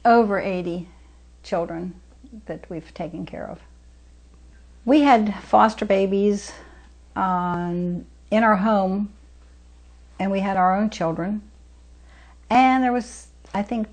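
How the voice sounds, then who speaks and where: With a gravelly, fairly low voice, an older woman tells her foster mother story in a documentary interview, acting out what people said and using folksy grammar in a homespun manner. The recording is rough and has music playing beneath her.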